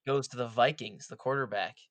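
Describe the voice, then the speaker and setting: A man's voice: medium pitch, a little fast, no room sound. A young man co-hosting a casual sports podcast, recapping draft picks with light teasing. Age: young adult. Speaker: podcast co-host.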